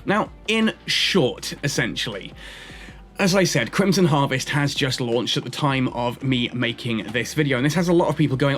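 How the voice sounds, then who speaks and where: A man's voice: medium pitch, expressive, moderate pace, a bit bright, soft background music. A man chatting casually with his viewers as he plays a game and narrates, rambling from one thought to the next. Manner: chatty, rambling stream of consciousness. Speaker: gaming YouTuber. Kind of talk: casual commentary while playing.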